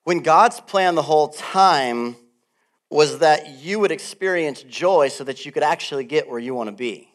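A middle-aged man preaching a sermon as pastor, animated and laughing often, swinging between loud bursts and soft asides. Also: a little high, moderate pace.

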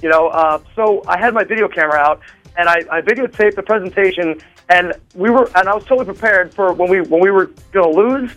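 Brief: high-pitched rambling male guest on a phone call, faint music behind. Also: fast, fairly bright tone. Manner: rambling, with many fillers and restarts. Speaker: drummer interviewed as a guest. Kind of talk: excited phone interview chat. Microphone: phone line.

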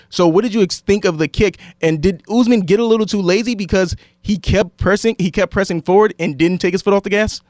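Male sports radio host, slightly high voice, chatty long questions, dry studio sound. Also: brisk, hardly any pauses, darkish tone, no room sound. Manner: conversational, long lead-in questions. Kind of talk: interviewing a guest.

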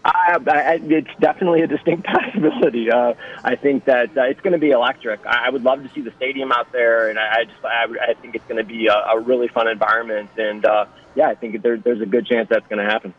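A man's voice: medium pitch, steady tone, quick pace, hardly any pauses. A man as a guest sports reporter on a radio show, talking hesitantly and repeating his words. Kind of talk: remote radio interview. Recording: dry, dull remote line.

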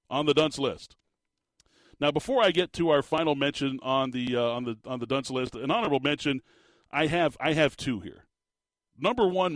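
A man hosting a casual sports talk show, rambling and animated with lots of restarts. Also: medium pitch, no echo. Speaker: sports podcast host.

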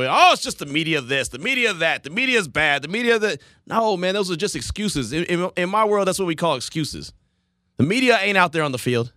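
Animated high-voiced radio host, bone-dry sound. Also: male voice, dry recording. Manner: animated, opinionated, swinging up and down. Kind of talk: casual opinionated radio talk.

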